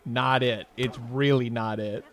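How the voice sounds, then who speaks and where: A young man streaming a video game, telling stories in an animated, profane, casual way. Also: medium pitch, a little slow, a little hiss or hum. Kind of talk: casual gameplay commentary.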